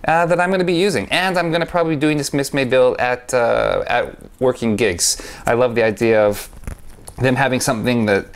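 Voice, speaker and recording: A man's voice: mid-range voice, a little fast, clean tone. Rambling, enthusiastic man talking magic. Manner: rambling, stop-start, self-correcting. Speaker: magician reviewing his own trick. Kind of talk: casual talk to camera.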